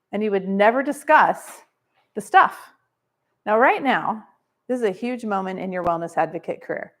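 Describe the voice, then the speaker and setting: Energetic woman coaching a live seminar. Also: mid-range voice. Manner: energetic, coaching, rhetorical questions. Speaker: wellness business trainer. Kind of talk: live seminar talk to an audience.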